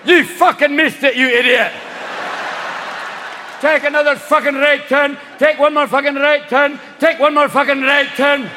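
Dude doing a mad scottish gps, yelling and swearing, high pitched. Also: male voice, fairly even intonation, measured pace, a crowd in the background, noisy background. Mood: furious. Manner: shouting, cursing. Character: foul-mouthed angry Scottish male GPS voice.

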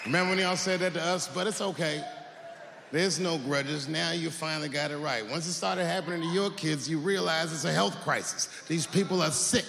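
Gravelly-voiced man doing profane stand-up. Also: on the high side. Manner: profane, conversational punchlines with long pauses. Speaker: stand-up comedian. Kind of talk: stand-up comedy. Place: stage in a hall with a live audience. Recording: echoey hall with crowd noise.

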